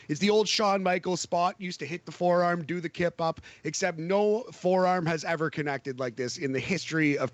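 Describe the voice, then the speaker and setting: A man's voice: a little high, dry recording. A man co-hosting a podcast, chatting casually about wrestling in a detailed play-by-play way and laughing easily. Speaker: podcast co-host. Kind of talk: casual wrestling review chat.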